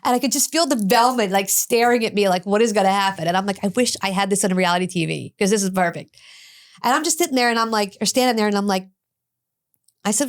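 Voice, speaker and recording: A woman's voice: medium pitch, fast talker. A middle-aged woman, an addiction specialist, telling a story in an interview, acting out both sides of the dialogue with blunt, cursing energy.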